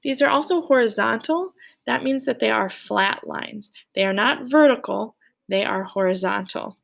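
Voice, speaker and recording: Cheery young lady teaching kids to draw, bit of vocal fry, kinda high. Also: moderate pace, fairly bright tone. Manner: cheerful, playful, speaks directly to kids. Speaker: art teacher. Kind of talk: children's drawing lesson.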